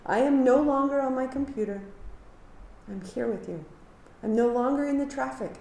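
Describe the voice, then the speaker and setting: A woman teaching a live kundalini yoga class, giving calm movement cues and sharing earnest reflections. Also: high-pitched, normal speed, vocal fry. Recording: echoey room.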